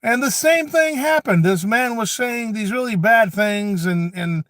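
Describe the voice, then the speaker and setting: A man's voice: high-pitched, measured pace, a bit bright, no room sound. A man voicing a preachy, forgetful old grandfather who rants, stammers and drifts into rambling asides in a satirical comedy monologue.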